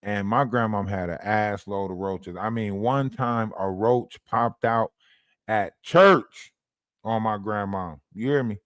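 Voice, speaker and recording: A man hosting a livestream who tells a story in an animated way and keeps checking in with his chat. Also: lowish voice, takes it slowly, no room sound, studio quality. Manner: animated, keeps asking the chat "you hear me?". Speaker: livestream host.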